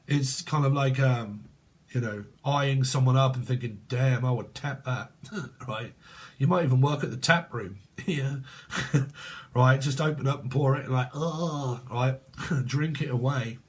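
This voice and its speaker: A man's voice: medium pitch, measured pace. A man giving a casual tarot reading, rambling and joking crudely with frequent laughter. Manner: rambling, chatty. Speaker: tarot reader.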